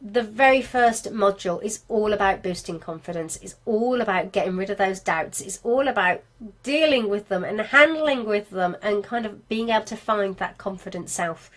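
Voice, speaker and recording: A woman from Birmingham with a clear Brummie accent leads a live video marketing class for craft sellers. She talks in a chatty, self-deprecating way and speaks straight to her viewers. Her pitch sits in an ordinary middle range. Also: expressive, moderate pace. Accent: Birmingham English (Brummie). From England. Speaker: craft business marketing teacher. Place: home studio with lights, indoors.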